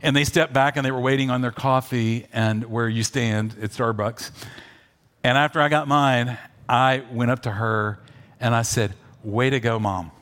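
Man pastor, middle-pitched voice, animated preaching that swings between loud and soft. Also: normal speed. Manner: animated storytelling, shifts between loud urging and soft asides. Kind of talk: sermon.

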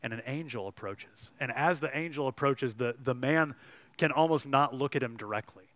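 A man's voice: mid-range voice, normal speed, fairly bright tone, no room sound. A man preaching a sermon as a pastor, earnest and storytelling. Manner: earnest, storytelling delivery with some restarts.

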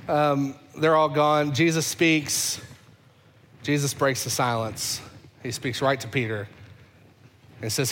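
A man preaches in a lively, conversational way, hammering home points through repetition. His voice sits a touch high. A long reverb fills the hall, with faint ambience behind. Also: slight background noise. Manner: conversational and animated, with repeated phrases. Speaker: pastor. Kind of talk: sermon.

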